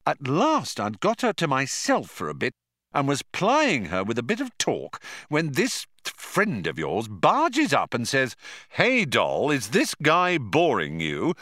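A man's voice: a little high, wildly swooping pitch, measured pace, bright, forceful tone, dry recording, clean studio sound, pitched above the performer's own voice, full character voice. A man voicing a stubborn, aggrieved ordinary man who speaks insistently. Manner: insistent, indignant.

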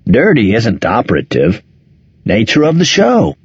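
Audiobook figure: sardonic heavyset man, read by a man, mild voice, lively pitch, dull dry sound. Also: a little slow, husky, no room sound, exaggerated voice. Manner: wry, sardonic banter.

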